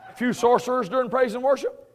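A man with a high voice teaches scripture in a relaxed, conversational way. He chuckles often and uses playful sarcasm, then drives each point home with firm emphasis. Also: fast talker. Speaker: preacher.

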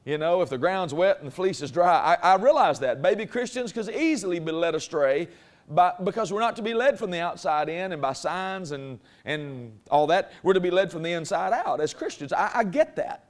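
A man with a high, expressive voice preaches a sermon at normal speed to a congregation in church. His folksy, conversational delivery gradually builds in force.

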